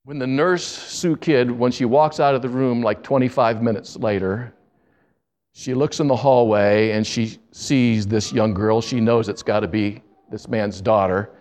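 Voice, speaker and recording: A man preaching, telling a story earnestly and slowing down for emphasis. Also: medium pitch, fairly even intonation, darkish tone. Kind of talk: sermon storytelling.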